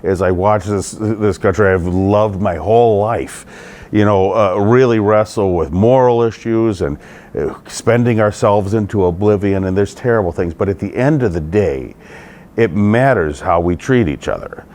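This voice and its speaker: Man, middle-aged, low voice, earnest, conversational, state legislator in an interview. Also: normal speed, darkish tone. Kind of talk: interview answers.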